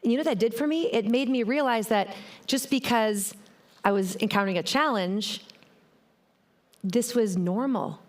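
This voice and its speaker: A woman's voice: a little high, moderate pace, long pauses. A middle-aged woman giving a motivational keynote talk on a conference stage, telling stories and speaking straight to the audience. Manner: animated, storytelling, addresses the audience directly.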